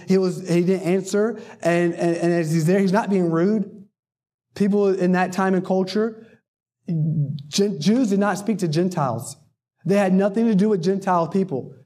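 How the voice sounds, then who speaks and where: A man preaches a sermon in a high, light voice. He tells the story in a homely, rambling manner, drifting into joking asides before he returns to the text. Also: warm tone. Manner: folksy, digressive, joking asides.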